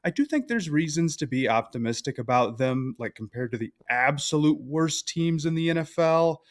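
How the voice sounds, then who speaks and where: A young man appearing as a guest on a sports podcast, giving measured, analytical football takes with plenty of fillers. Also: fairly high pitch, animated.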